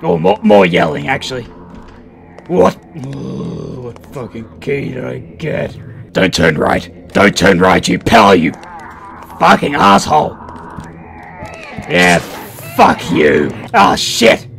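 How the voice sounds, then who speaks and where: A man's voice: mid-range voice, very animated, slow, creaky, pauses often, a little hiss or hum. A man doing profane, joking let's play commentary while playing a horror game. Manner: crude, loud, profane joking. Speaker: gaming channel host.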